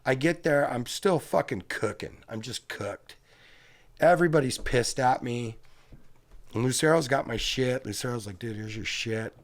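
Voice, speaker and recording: A middle-aged man from California spins loose, swear-filled stories as a guest on an interview show. His voice sits at an ordinary male pitch, and he talks in a rambling, animated way. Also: normal speed. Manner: profane, rambling, animated storyteller. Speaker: guest skateboarder. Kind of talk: storytelling in a casual interview.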